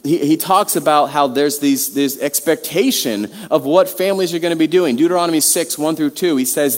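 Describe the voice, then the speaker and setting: A man's voice: on the high side, normal speed. A man preaching a sermon in a conversational way, with many restarts and rhetorical questions. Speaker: pastor. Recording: long hall reverb.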